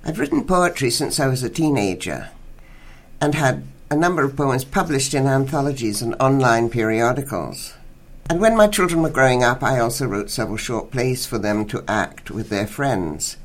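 Measured, soft-spoken woman writer from Canada. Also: rumbling low, expressive. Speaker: writer and guest. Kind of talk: interview and reading aloud.

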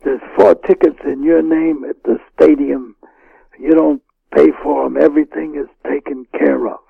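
A man voicing a curt male mobster on the phone in a hoarse whisper, slow and clipped, with a dull, dry studio sound. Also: a little high, fairly even intonation, no room sound, exaggerated voice. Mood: hushed, assured.

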